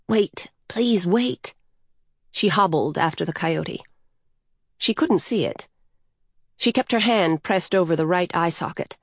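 A woman narrating a story aloud in a calm, even storytelling manner. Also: on the low side, no room sound, studio quality.

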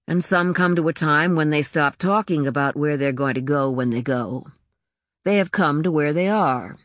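A woman reading scripted narration in a slow, measured, reflective way. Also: sits low, no echo, studio quality. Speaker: audiobook narrator.

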